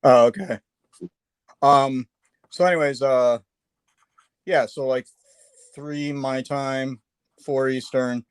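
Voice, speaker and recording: A man's voice: medium pitch, steady tone, slow, long pauses, clear, resonant tone, dry recording. A man hosting a live painting stream, chatting casually while he sketches, with lots of fillers and self-deprecating asides.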